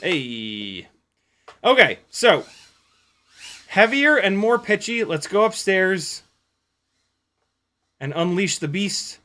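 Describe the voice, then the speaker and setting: Excitable man streaming drone flights. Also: high voice, slow, long pauses. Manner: excitable, swears and exclaims mid-flight. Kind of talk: live-stream flying commentary and Q&A. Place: house, indoors.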